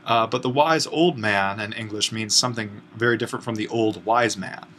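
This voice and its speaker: A man with a fairly low voice walks students through a grammar exercise in a patient, explanatory way. He stops and restarts often and fills gaps with little "uh"s as he thinks aloud. A faint hum of room ambience sits under the voice. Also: normal speed, a bit bright. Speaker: Greek instructor. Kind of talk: online grammar lesson.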